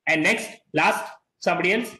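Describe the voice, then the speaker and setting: A man's voice: sits high, moderate pace, pushed and bright, reverberant, rough recording. A middle-aged man with an Indian English accent teaching an online class, repeating and stressing key words and slipping into Hindi.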